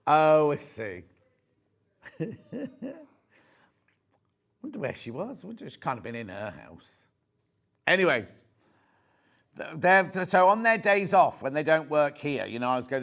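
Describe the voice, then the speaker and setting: A man's voice: medium pitch, a bit bright. A man with a Yorkshire accent presenting a live shopping show, gushing and rambling in easy chat. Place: TV studio.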